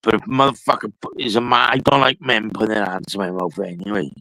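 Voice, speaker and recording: A man's voice: fairly low pitch, quick pace, bright, forceful tone, rough recording. A man telling a rambling, profane story in casual chat.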